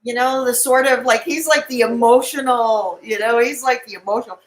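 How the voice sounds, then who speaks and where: A woman's voice: a little high, moderate pace, poor audio. A woman hosting a live stream, chatting casually and giggling as she rambles and answers comments.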